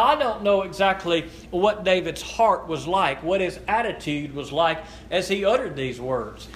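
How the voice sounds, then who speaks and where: A man preaching a sermon in an earnest, halting way, often breaking off and restarting mid-sentence. His voice sits a little high for a man. A faint hiss of room noise runs underneath. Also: a bit bright. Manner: slow, deliberate scripture reading. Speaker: pastor. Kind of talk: sermon with prayer and scripture reading.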